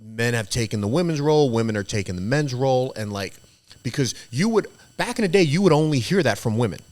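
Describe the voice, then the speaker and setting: A man's voice: medium pitch, expressive, quick pace, darkish tone. A man on a podcast giving blunt, profane opinions in casual conversation. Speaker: podcast guest.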